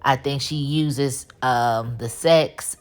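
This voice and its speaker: Low-voiced woman recapping a TV episode. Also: slow pace, soft background music. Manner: animated, slangy, chatty commentary. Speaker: TV recap host.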